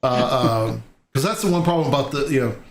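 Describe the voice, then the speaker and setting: A man's voice: medium pitch, fairly quick, a little hiss or hum. A man hosting a casual interview on a video call, rambling through stories with many fillers. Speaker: host. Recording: echoey room with faint ambience.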